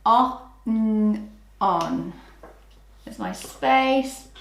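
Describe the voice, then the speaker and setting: A woman's voice: medium pitch, lively intonation, very slow, creaky, echoey room. A woman with a British accent teaching children phonics, patient and encouraging, sounding out letters one by one. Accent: British English. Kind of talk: slow, clear early-years phonics lesson.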